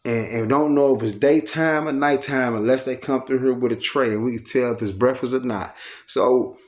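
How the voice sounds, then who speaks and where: A man's voice: medium pitch, normal speed. A man telling a long, rambling, profanity-heavy story in a casual spoken style, acting out what others said along the way. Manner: profane, rambling, animated retelling.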